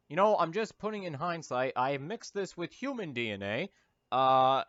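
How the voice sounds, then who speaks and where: Joking man riffing with a lively voice. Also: fairly high pitch, dry recording. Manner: rambling, jokey, full of fillers and silly asides. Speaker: YouTuber. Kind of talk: comedic movie-riffing commentary. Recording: dull lo-fi sound, dry.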